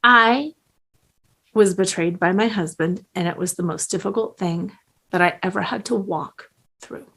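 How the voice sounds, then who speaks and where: A middle-aged woman coach giving a slow, earnest motivational talk with strong emphasis. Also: mid-range voice, fairly bright tone, breathy edge.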